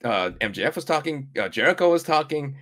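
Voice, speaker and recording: A man's voice: fairly high pitch, lively intonation, fairly quick, fairly bright tone. Enthusiastic man chatting about wrestling. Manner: enthusiastic, emphatic agreement. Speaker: podcast co-host. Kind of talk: casual wrestling recap chat.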